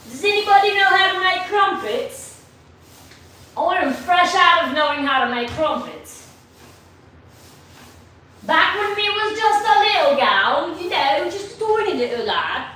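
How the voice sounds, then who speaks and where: A brash, high and loud mock-British character demanding tea and crumpets, as a woman puts her on. The voice is bright and sharp. It sounds echoey, as if recorded from far off in a bare room. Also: animated, unhurried, pauses often, heavily acted. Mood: boisterous. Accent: put-on mock British. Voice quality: exaggerated, swearing, high and loud.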